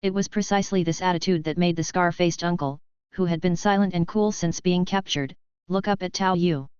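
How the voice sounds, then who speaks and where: A woman reading a web novel aloud as an audiobook narrator, in an even, measured way. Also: on the low side, clear, resonant tone, no room sound, muffled recording.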